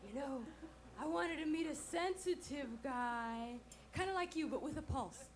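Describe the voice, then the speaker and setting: A woman comedian performing a stand-up set with deadpan punchlines and bits of song, on a 1980s club recording. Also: high voice, a little slow, a little hiss or hum. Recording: 1980s VHS club recording with music and crowd. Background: audience laughter and music.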